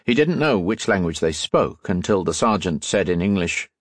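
A man narrating an audiobook in a measured, steady storytelling voice, close on the mic. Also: low voice, no room sound. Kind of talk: scripted narration.

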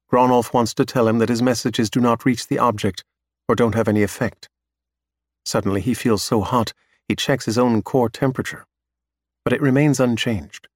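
An audiobook narrator reads a science fiction novel in a steady, even manner, his voice at an ordinary middle pitch. The scripted narration is recorded close and dry, with no room echo.

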